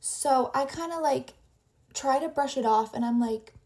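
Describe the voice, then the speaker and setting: A woman's voice: a little high, fairly even intonation, normal speed, warm tone. A young adult woman casually telling a story while getting ready, rambling and packing her talk with "like" fillers.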